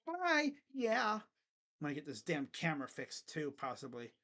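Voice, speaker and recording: A young man hosting a casual live basketball reaction, joking bluntly and crudely with sudden loud bursts. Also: a little high, very animated, moderate pace. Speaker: sports channel host. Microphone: webcam setup.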